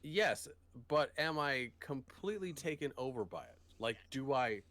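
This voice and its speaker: A man playing a tabletop game, chatting casually. His voice sits in an ordinary middle pitch, and his replies are short and teasing. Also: animated, measured pace, fairly bright tone. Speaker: player.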